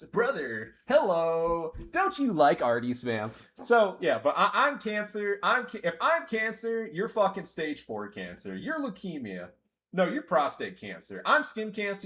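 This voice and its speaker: A young man giving sarcastic, ranting gameplay commentary, jumping from yelling outbursts to low mumbling.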